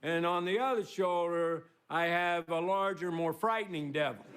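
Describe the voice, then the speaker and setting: A man in his sixties delivering a relaxed, self-mocking stand-up monologue, pausing for laughs. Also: high voice. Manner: laid-back, self-mocking joke delivery with pauses for laughs. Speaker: guest monologue host on a comedy show. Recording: studio audience, crowd and noise behind. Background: audience laughter.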